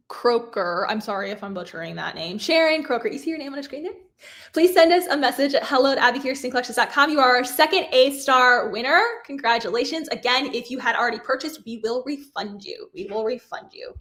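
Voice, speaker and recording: A bubbly woman in her thirties runs a live craft giveaway with a bright, fairly high voice. She chats freely, laughs easily and cheerfully apologizes whenever she fumbles a name. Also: brisk. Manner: bubbly, chatty, laughs often, apologizes over names. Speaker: craft host. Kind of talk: live-stream giveaway chat.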